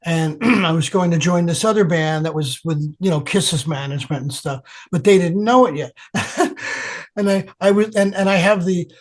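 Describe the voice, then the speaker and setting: Older man telling animated stories. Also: high-pitched. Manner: animated storyteller, acts out quoted voices. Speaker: guest guitarist. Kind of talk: storytelling interview.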